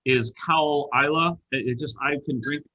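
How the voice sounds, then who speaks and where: A man co-hosting a whiskey tasting over a video call, chatting in an animated way with frequent restarts. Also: on the high side, moderate pace, background noise. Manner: animated, self-interrupting, lots of restarts. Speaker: wine shop co-host.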